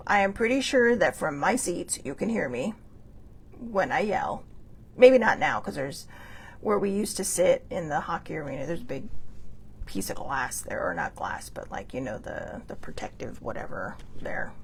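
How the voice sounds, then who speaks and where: A woman's voice: fairly low pitch, big pitch swings, moderate pace, vocal fry, slightly rough. A woman hosting a show, talking in a rambling, earnest casual monologue full of fillers and restarts, with the odd swear word. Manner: earnest, with bursts of laughter and mild swearing. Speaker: host.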